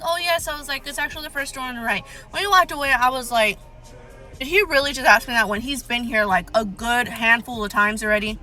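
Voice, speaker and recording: A woman's voice: high-pitched, pushed and bright, poor audio. A young woman telling a storytime rant in a casual, exasperated and sarcastic way, swearing freely. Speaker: storyteller vlogger.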